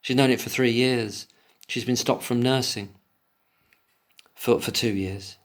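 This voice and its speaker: A man's voice: medium pitch, steady tone, a little slow, a little hiss or hum. A man giving a solo commentary, reading an article aloud and breaking off into emotional, indignant rants with plenty of swearing. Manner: reads passages aloud, then breaks off to rant.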